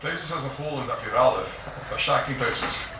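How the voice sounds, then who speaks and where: A man teaching a Talmud lecture, arguing a point quickly and emphatically, repeating words and asking himself rhetorical questions. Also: mid-range voice, gravelly. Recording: very echoey room, distant mic, faint background noise.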